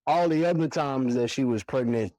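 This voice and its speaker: A man in his forties, a barber and single father, tells a personal story as a podcast guest, acting out his own reactions in a casual, animated way. His voice is mid-range and his pace moderate, with no echo but low recording quality.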